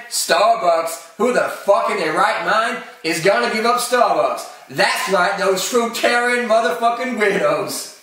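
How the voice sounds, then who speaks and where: A man's voice: high-pitched, sharp tone. A man putting on a parody impression of a crude male Hollywood actor who rambles profanely about craving drugs. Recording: echoey room, far from the mic.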